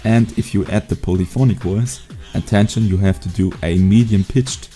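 A young man teaching a beatbox sound in a casual home video tutorial, relaxed and hesitant, with many fillers. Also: lowish voice, moderate pace, soft background music. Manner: laid-back, hesitant with fillers. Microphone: USB desk mic.

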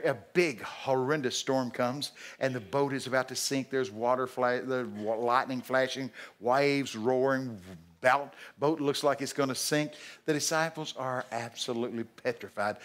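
A man preaching a sermon at a church service, animated and jokey, breaking into shouted acted-out lines. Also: mid-range voice. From Texas.

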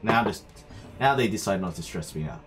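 Guy streaming a dungeon game, pitch jumps all over, chatty self-talk, soft game music behind. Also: lively intonation, brisk. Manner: chatty, talks to himself while playing. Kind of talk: live gameplay commentary. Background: faint game music.

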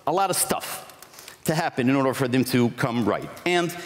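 A man speaks from a conference stage, his pitch swinging widely as he works through his points. His delivery is reflective and explanatory, with the odd restart. The sound carries a long reverb from a large hall. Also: lively intonation, moderate pace, a little hiss or hum. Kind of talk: conference talk.

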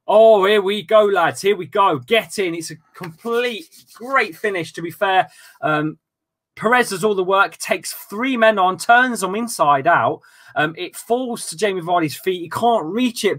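A man hosting a football watchalong, commentating live with loud outbursts, swearing and casual banter with friends. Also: high voice. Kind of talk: excitable live match commentary.

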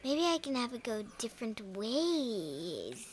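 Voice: mid-range voice, big pitch swings, a little slow, background noise. A young gamer commenting on a game with rambling, exasperated talk and silly made-up songs. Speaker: let's play gamer.

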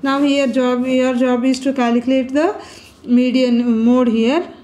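A woman's voice: sits high, steady tone, unhurried, mellow. A woman teaching a statistics lesson at a board, explaining step by step and putting questions to her class. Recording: echoey room.

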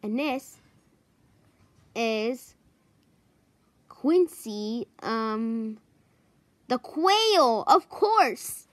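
A woman introducing a row of toys one by one, hesitant and pausing often to search for their names. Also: a little high, expressive, no room sound. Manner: hesitant, many pauses and ums. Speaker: toy show presenter.

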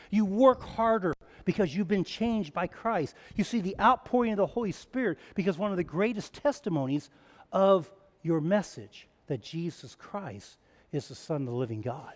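A man preaches from the pulpit, his fairly high voice climbing into loud, emphatic runs and then dropping to a near hush. The sermon rings through a church sanctuary, and each line trails off into a long reverb. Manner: dynamic preaching, swinging from loud emphatic runs to hushed quiet lines. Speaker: pastor.

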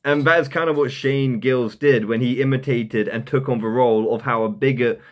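A man's voice: medium pitch, fairly even intonation, normal speed, highs cut off. Rambling young man doing commentary. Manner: rambling, laughs at his own jokes. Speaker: commentary YouTuber. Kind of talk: casual comedic commentary.

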